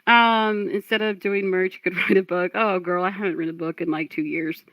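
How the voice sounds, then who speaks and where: A woman's voice: lowish voice, fairly even intonation, brisk, fairly bright tone, no echo. A woman streamer commenting on a clip, blunt and profane, lecturing her chat.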